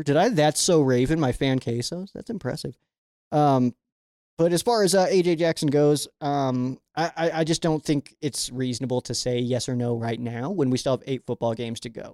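A man's voice: medium pitch, darkish tone, dry recording, clean studio sound. Rambling young man talking football. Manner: rambling, filler-heavy, with frequent "like". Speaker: sports show host. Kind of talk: casual fan commentary with viewer questions.

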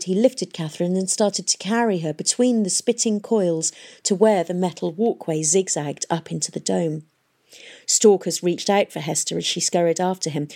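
A woman reading an audiobook in a measured, even storytelling manner. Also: on the low side. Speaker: audiobook narrator. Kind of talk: scripted audiobook narration.

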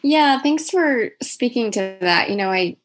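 A woman's voice: fairly high pitch, animated, measured pace. A woman responding thoughtfully and openly as host in a casual conversation.

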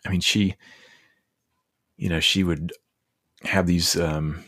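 Low, husky man telling earnest stories. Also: steady tone, a bit bright, no room sound, studio quality. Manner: earnest, halting, with many restarts. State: emotional. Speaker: podcast guest. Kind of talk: reflective storytelling.

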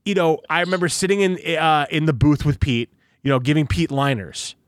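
A man's voice: on the high side, a little fast, no echo, clean studio sound. A man hosting a podcast, chatting casually in a rambling way, repeating himself and swearing freely. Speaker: podcast host. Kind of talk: casual interview chat.

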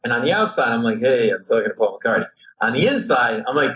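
A man, a comedian, telling a comic story on a podcast in an excitable way that keeps jumping into high, shouted asides. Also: fast, rough recording. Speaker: comedian guest.

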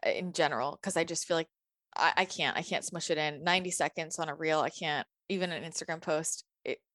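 A woman hosting a podcast in a dry, close-sounding recording. She speaks in a fairly low voice, eager and conversational, and builds up to her questions at length. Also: brisk, a bit bright, dry recording. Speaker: podcast host. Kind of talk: casual interview chat.

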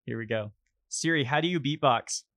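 Gravelly-voiced young man, relaxed beatboxer. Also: medium pitch, moderate pace, no room sound, studio quality. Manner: relaxed, explains with "you know" asides. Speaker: beatboxer guest. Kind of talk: casual chat.

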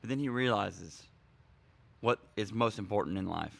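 A man's voice: lowish voice, normal speed, vocal fry, a bit bright. A man hosting a podcast, leading a casual chat with mock-serious asides. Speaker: podcast host.

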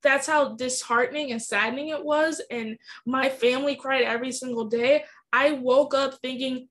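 Young woman, high voice, podcast host, earnest, candid, emotional personal story. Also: fairly even intonation, moderate pace, few pauses, a bit bright.

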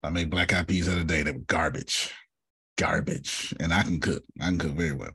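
A man's voice: sits low, steady tone, rapid-fire, a bit bright, breathy edge, no echo. A man hosting an online workshop in a casual, joking teaching style, often repeating himself for emphasis, heard over a video call.

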